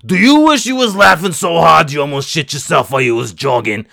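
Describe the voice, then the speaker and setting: A man putting on a loud hard-selling infomercial announcer voice. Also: animated, brisk, creaky, full character voice. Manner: shouted hard-sell pitch.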